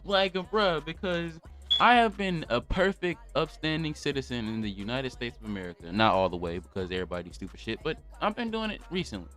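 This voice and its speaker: A man's voice: mid-range voice, lively intonation, a little fast, a bit bright, faint music behind. Young man ranting on a livestream. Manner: rambling, profane, blunt ranting. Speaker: podcast host. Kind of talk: casual livestream podcast chat.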